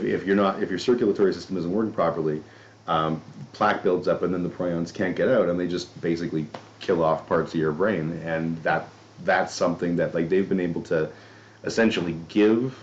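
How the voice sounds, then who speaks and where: Very deep-voiced rambling male podcast host. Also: steady tone, normal speed, slight background noise. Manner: rambling, swears casually, self-deprecating asides. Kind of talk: casual chat. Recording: dull lo-fi audio.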